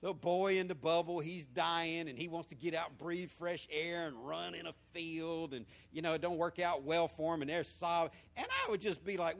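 A man, preaching a sermon in a lively storytelling way that swings between loud and hushed. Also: a little high, normal speed, vocal fry, few pauses. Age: 50s.

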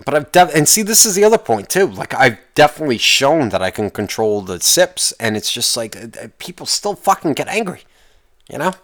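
A man hosting his own podcast alone, ranting in a profane, exasperated way, his voice jumping higher when he gets worked up. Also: very animated, brisk, fairly bright tone. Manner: pitch jumps up when worked up. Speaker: podcast host. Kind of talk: casual solo podcast rant.

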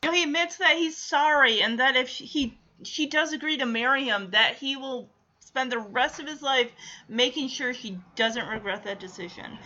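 A chatty, excitable woman hosts a reaction video, casually recapping a scene and laughing as she goes. Her voice is high and bright, and the recording sounds dull and lo-fi. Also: moderate pace.

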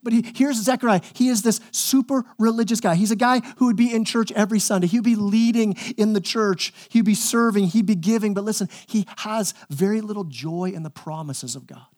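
High-voiced, chatty preacher. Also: male voice, fairly quick, hardly any pauses, darkish tone. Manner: conversational, humorous, with frequent "right?" asides. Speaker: pastor. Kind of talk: sermon.

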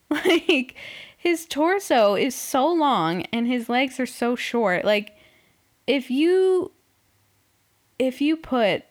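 Sarcastic young woman, slow and drawling. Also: on the high side. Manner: sarcastic, swearing, laughing often. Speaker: podcast host recapping a reality show. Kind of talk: casual chat.

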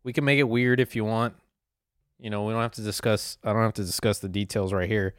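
A man's voice: lowish voice, steady tone, quick pace, clean tone, dry recording. Young male podcast host, profane rambling solo rant, dry close mic. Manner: profane, rambling, laughs at himself.

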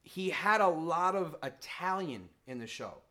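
Animated man. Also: fairly high pitch, measured pace. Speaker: stand-up comedian guest. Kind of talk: casual podcast chat.

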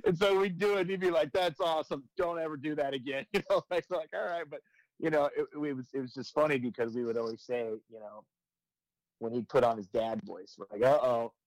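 A man in his twenties, a firefighter and comedy video creator, chatting casually and breaking into loud quoted voices as he tells stories. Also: medium pitch, brisk, no room sound, rough recording. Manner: animated storytelling, jumps into loud quoted voices. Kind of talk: casual podcast chat.

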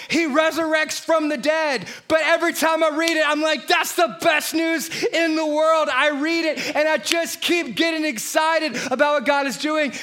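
A male pastor preaching a fired-up sermon, his voice very high and bright with a forceful edge. He swings into shouts on key lines and keeps hitting the congregation with rhetorical questions. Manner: energetic, animated preaching with frequent shouted lines.

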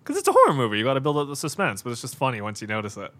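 A man of middle pitch talks through a horror film as it plays, in a loose, unscripted way. He gasps, swears and laughs as the action unfolds, with plenty of "like" and "God" between his thoughts. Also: racing. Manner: excitable, reacts aloud with frequent laughs and exclamations; casual and profane, with lots of fillers like "like" and "God". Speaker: podcast host. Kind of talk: live movie watch-along commentary.

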